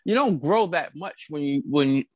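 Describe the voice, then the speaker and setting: A man's voice: on the high side, animated, no room sound. A man in casual chat, making earnest motivational points about growth and failure. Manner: earnest, motivational, speaks slowly on key points. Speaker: podcast co-host.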